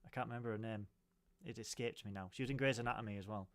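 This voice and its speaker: A man hosting a casual podcast chat, animated and jokey. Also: on the low side, very fast. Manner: animated, jokey, puts on voices for quotes. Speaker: podcast host.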